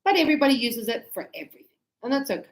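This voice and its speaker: A woman English teacher giving a classroom grammar lesson, talking slowly and deliberately and stretching out key words. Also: on the high side, sing-song. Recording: echoey classroom.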